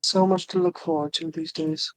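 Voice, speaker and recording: A woman's voice: sits low, fairly even intonation, moderate pace, lightly acted. A woman reading the lines of a hapless male police detective in a game, goofy and crude with cursing. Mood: dejected.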